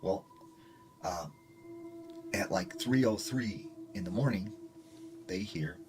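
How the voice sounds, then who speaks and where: A man's voice: sits low, slow pace. A man casually telling a ghost story in a rambling way, full of fillers. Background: music.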